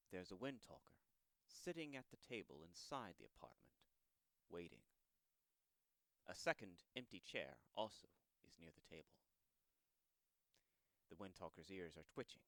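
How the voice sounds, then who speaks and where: A man's voice: low voice, fairly bright tone, no room sound. A man narrating the scene action in a plain, descriptive way.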